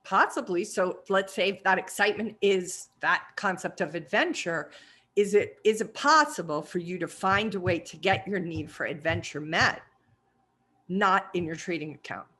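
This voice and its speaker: A woman's voice: lowish voice, moderate pace, sharp tone, husky. A woman hosting and coaching, asking probing questions and affirming what she hears. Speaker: trading psychology coach and host. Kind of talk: coaching conversation.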